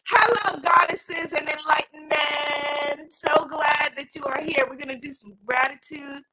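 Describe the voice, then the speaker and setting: High, bright-voiced New York woman. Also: measured pace, a little hiss or hum, rough recording. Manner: energetic, sing-song greetings, laughs often. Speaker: host of a weekly inspirational livestream. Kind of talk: upbeat livestream chat.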